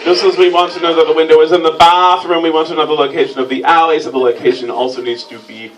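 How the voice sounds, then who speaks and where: A man hosting a comic stage reading, teasing his volunteers in a dry, mock-pompous deadpan. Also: fairly high pitch, fast. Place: stage before a live audience. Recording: distant mic, loud crowd laughter and noise.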